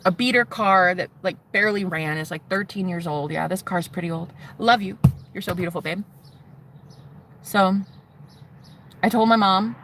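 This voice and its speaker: Bright-voiced woman telling her story. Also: mid-range voice, moderate pace, pauses often, a little hiss or hum. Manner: blunt and profane, emphatic repetitions. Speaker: vlogger. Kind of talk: candid personal storytelling.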